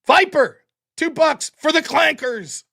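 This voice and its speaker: A man hosting a live stream, reading viewer donations aloud and answering them with sarcastic jokes, dropping lower and quieter when he reads their messages. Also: expressive, takes it slowly, creaky. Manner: mocking, sarcastic humor. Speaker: livestream host reading super chats. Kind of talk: casual live-stream chat.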